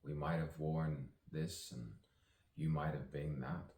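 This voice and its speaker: A man's voice: rumbling low, flat delivery, slow, a little mellow. A man improvising spoken-word poetry, musing and playful, with chuckles between lines. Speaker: actor and poet. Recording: roomy sound from a distance.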